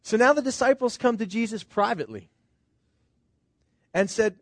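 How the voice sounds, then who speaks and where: A middle-aged pastor with a notably high voice delivers his sermon in an earnest, conversational way. He keeps turning to the congregation with rhetorical questions. The recording is dry, with no room echo. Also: lively intonation, moderate pace, pauses often.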